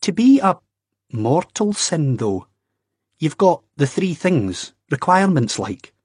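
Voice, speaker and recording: A man voicing an anxious, earnest young Scottish man who talks in a halting, hesitant way, with a Scottish accent. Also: on the high side, big pitch swings, darkish tone, husky, no echo, clean studio sound, voice pushed up, exaggerated voice. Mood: earnest reasoning. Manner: hesitant, halting, drawn-out reasoning.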